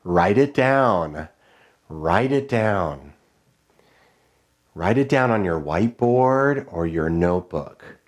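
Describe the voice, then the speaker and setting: A male music teacher leading children through rhythm dictation, chanting rhythm syllables in a high sing-song and giving clear, encouraging call-and-response instructions. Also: expressive, slow, long pauses. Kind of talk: online music lesson for children.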